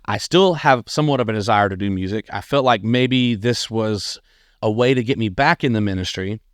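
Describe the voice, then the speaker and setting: A man, telling his own life story on a podcast in an earnest, animated way. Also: on the low side, no echo, studio quality. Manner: earnest, animated, acts out quoted people. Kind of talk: casual personal storytelling.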